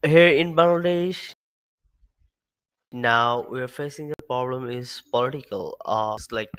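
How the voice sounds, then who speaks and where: A man calling in as a guest, talking haltingly with restarts and frequent uh. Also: mid-range voice, a bit bright, clear, resonant tone, poor audio. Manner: halting, restarts and asks if he can be heard. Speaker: call-in guest. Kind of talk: casual remote call-in chat.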